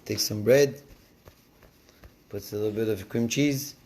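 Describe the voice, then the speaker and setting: A man giving a casual Torah lesson, telling the story in an animated way and switching between languages. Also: lowish voice, unhurried, background noise. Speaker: Torah teacher.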